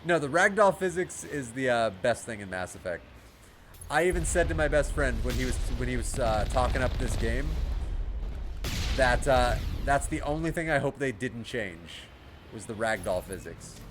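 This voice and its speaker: A man's voice: medium pitch, animated, normal speed, noisy background. A man with an American accent giving casual, rambling commentary while playing a game, laughing often. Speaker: gaming streamer. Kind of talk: casual let's play commentary. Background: game music.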